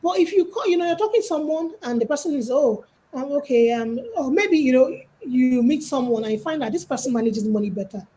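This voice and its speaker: A woman's voice: high-pitched, a little fast, few pauses, a little hiss or hum, poor audio. A Nigerian woman giving casual life and money advice on a call, telling stories and acting out quotes. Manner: lively, storytelling with acted-out quotes. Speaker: guest speaker.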